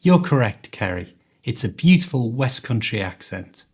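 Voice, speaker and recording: A man with a mild Liverpool Scouse accent hosting an accent quiz, upbeat, clear and instructive. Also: medium pitch, sing-song, normal speed, a little mellow. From Liverpool, England. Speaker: host and English coach.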